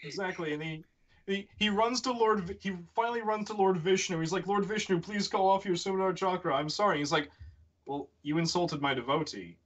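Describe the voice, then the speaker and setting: A man telling a story as a stream guest, excitable, repeating words and slurring when worked up. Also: high voice, fairly quick, lo-fi sound. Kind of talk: casual storytelling on a livestream.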